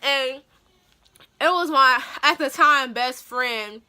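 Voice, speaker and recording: High bright young woman telling a story. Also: slow pace. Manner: animated, slangy storytelling. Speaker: vlogger. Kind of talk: casual storytime vlog.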